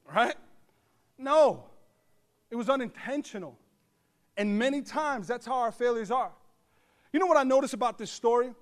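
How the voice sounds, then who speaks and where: A man pastor delivering a humorous storytelling sermon to his congregation, animated with joking asides and bursts of shouting. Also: extremely high pitch, normal speed, long pauses. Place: church service before a congregation.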